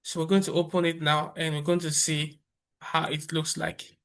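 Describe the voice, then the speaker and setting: A man presenting a software tutorial over a screen recording, explaining step by step in a relaxed way with fillers and restarts. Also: a little high, normal speed.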